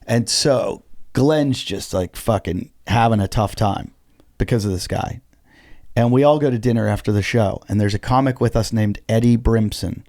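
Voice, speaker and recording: A man's voice: fairly low pitch, normal speed, no echo, clean studio sound. Man telling a story animatedly. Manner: animated storytelling, swears freely. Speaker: comedian guest. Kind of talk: casual podcast chat.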